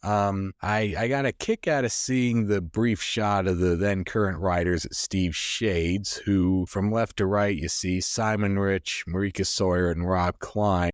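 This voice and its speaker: A man with a very low voice chats casually as a podcast co-host. He wanders through his thoughts with plenty of fillers. The recording is dry and close, with no room sound. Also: fairly even intonation, a little slow, hardly any pauses, clear, resonant tone, no room sound. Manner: thoughtful, rambling, many fillers. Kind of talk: casual chat.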